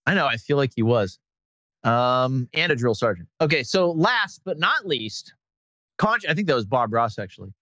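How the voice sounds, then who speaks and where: A man's voice: mid-range voice, sing-song, moderate pace, pushed and bright, no room sound. Jokey, laughing podcast host man. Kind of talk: casual comic chat.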